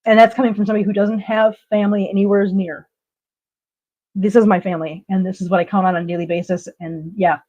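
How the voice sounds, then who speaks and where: A woman's voice: mid-range voice, level tone, quick pace, warm tone, highs cut off. A woman hosting a live stream, chatting casually and reading out viewer comments, blunt, emotional and repeating herself for emphasis.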